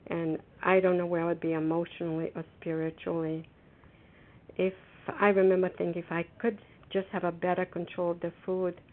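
Earnest middle-aged woman on a phone line. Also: on the low side. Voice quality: earnest, halting, many restarts. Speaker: meeting member sharing. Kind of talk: sharing at a twelve-step phone meeting. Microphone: telephone.

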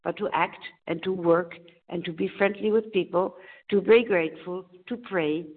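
A woman calling from Germany who shares a personal testimony in a meeting, halting and repeating phrases as she searches for words. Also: on the low side, slightly rough. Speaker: meeting attendee sharing. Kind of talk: personal testimony on a phone call. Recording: tinny phone line.

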